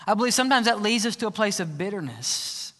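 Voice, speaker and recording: A man's voice: sits high, lively intonation, fast, fairly bright tone. A man preaching a sermon as pastor, earnest and emphatic, often asking his listeners questions. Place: church sanctuary. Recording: reverberant church sanctuary.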